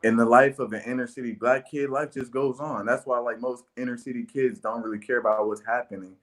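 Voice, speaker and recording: A man's voice: mid-range voice, steady tone, a little fast, a bit bright. A young man speaking in a laid-back, hesitant way on a call-in show, filling his talk with "like". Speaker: guest caller. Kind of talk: casual conversation.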